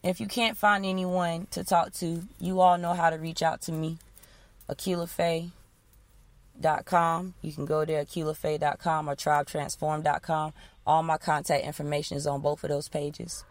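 A woman coach leading listeners through a guided breathing exercise, giving calm, repeated instructions. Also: low voice, normal speed, no room sound. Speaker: wellness coach.

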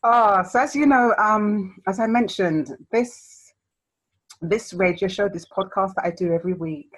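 Husky-voiced woman hosting a chatty podcast. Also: mid-range voice, unhurried, rough recording. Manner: chatty, laughs a lot, rambling. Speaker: podcast host. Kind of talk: casual interview chat.

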